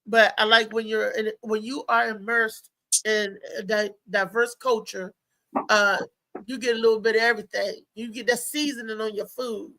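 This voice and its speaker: A woman's voice: a little high, flat delivery, normal speed. A middle-aged woman comedian, rambling and laughing loosely through her stories in casual talk-show banter. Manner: loud, laughing, rambling storyteller with restarts.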